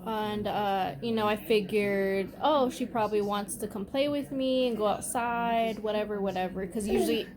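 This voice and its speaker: A woman's voice: mid-range voice, moderate pace, hardly any pauses, a crowd in the background. A young woman telling a story to camera at home in a casual, profane, chatty way, breaking off now and then to scold someone nearby. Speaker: vlogger.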